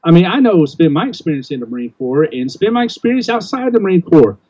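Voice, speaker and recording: An older man talks bluntly as a podcast host, circling back and restarting his sentences as he goes. His voice sits dark and mellow in the middle of a man's range. The recording is dry and a bit dull, like lo-fi audio. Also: a little high, sing-song, fast talker, breathy edge, no echo. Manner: blunt, rambling with many restarts. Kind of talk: casual opinionated chat.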